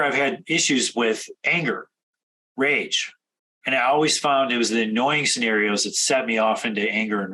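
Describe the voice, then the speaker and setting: A man coaching traders in a direct instructional talk, firing off rapid questions. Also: mid-range voice, sharp tone, husky, rough recording. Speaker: trading coach.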